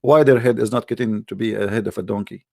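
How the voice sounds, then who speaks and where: A man's voice: on the low side, fast talker, gravelly, warm tone. A man hosting a heated religious debate in non-native English, combative and mocking, often repeating himself. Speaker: debate show host.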